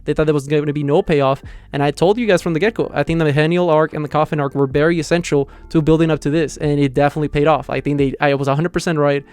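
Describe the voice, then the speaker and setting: A young man talking through a manga chapter in a rambling, excited way, full of fillers and restarts. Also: fairly high pitch, quick pace, hardly any pauses, smooth, dry recording. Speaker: manga reviewer. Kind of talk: casual excited review.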